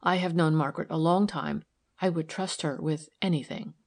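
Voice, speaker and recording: A composed lady of the house who speaks firmly and quietly, turning stern when pressed, as a woman voices her in an audiobook. The voice sits low for a woman. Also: normal speed. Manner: firm and quiet, sometimes stern. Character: firm, gentle lady of the house, middle-aged. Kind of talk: audiobook character voice.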